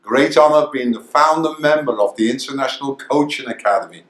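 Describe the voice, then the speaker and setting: An older man, the founder of a coaching academy, giving an energetic motivational coaching talk that hammers home its key phrases. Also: mid-range voice, fairly quick. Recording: roomy echo.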